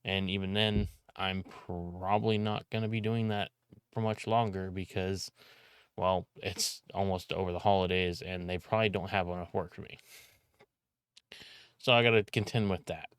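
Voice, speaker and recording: Loud rambling man, smooth low voice. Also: fairly even intonation, normal speed, dry recording, studio quality. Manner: loud, rambling, with frequent restarts and swearing. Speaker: content creator and video editor. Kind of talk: casual vlog rant.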